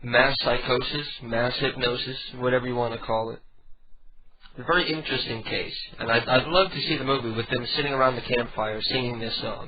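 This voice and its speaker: Man, radio host, stoned, rambling halting talk, dull lo-fi broadcast, crowd noise behind. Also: medium pitch, steady tone. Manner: rambling, halting, repeats words. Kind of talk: casual late-night radio chat.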